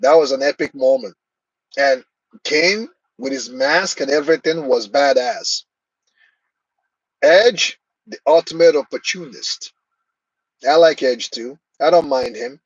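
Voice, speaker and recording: A man's voice: fairly high pitch, a little slow, pauses often, husky, lo-fi sound. A man hosting a live stream, chatting casually and answering viewers' comments by name.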